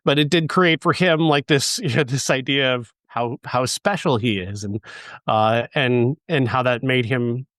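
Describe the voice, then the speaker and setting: A man co-hosting a movie review podcast, thinking aloud in a halting way, with many restarts. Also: medium pitch, fairly bright tone, no room sound, clean studio sound. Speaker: podcast co-host. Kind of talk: casual movie review chat.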